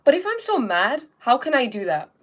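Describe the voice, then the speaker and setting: A woman's voice: sits high, very animated, moderate pace, a bit bright. Chatty young woman hosting a live stream. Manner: chatty, repeats "okay?" and "um", acts out little scenes. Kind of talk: casual live-stream talk on self-help.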